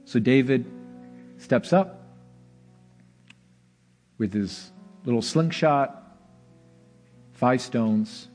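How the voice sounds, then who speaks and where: A man preaching a sermon, telling a scripture story in an animated way, with bursts of excitement and dramatic slowdowns. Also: medium pitch, faint music behind. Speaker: pastor.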